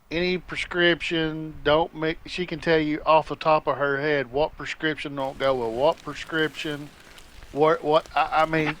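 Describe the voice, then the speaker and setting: A man's voice: on the high side, a bit bright, rough recording. Rambling man with a daughter's story. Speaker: gaming stream crew member. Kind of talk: casual chat on voice call. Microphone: voice call headset.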